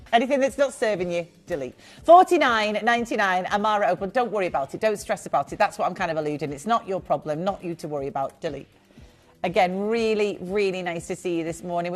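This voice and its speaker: A woman with a mid-range voice presents live jewellery sales on a shopping channel, chatty and gushing, tossing in quick asides.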